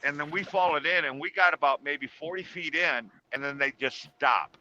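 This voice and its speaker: A man's voice: on the high side, normal speed, bright, forceful tone, muffled recording. A man casually telling a personal story in a chat, rambling with fillers and restarts.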